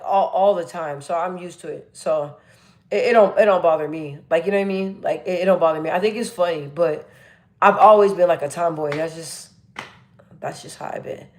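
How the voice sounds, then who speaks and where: A woman live-streaming, reading chat comments and talking bluntly and energetically, with a naturally deep voice she lifts a little. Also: slight background noise. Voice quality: naturally deep voice, pitched up a bit. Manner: chatty, blunt and energetic, full of fillers and restarts.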